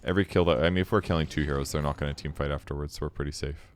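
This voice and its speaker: Man, extremely low voice, casual game replay commentary, relaxed, self-critical, faint hiss behind. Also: rapid-fire. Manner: relaxed, self-critical, explains his choices.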